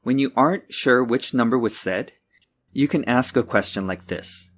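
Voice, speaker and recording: A man giving a scripted pronunciation lesson, speaking clearly and slowing down to model each word. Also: mid-range voice. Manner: clear, deliberate, slows down to model words. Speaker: English teacher.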